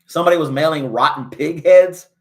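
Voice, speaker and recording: A man hosting a casual livestream chat, rambling in a folksy way and chuckling often, a little choked up and clearing his throat. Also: on the high side, brisk, a little mellow. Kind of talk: casual chat reading a live chat.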